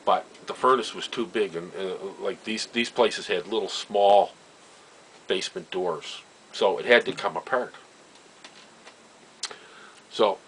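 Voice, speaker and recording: An older Nova Scotia man tells family stories in a relaxed way, his low, slightly bright voice coming through poor audio with a faint hiss or hum. He laughs a lot, slips in chuckling asides, and tends to trail off and repeat phrases.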